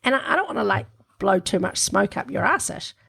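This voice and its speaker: A woman's voice: mid-range voice, very animated, brisk, vocal fry, sharp tone, breathy edge. A woman, co-hosting a podcast in a chatty, reflective way and laughing often. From New Zealand. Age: 50s. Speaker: podcast co-host. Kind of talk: casual chat.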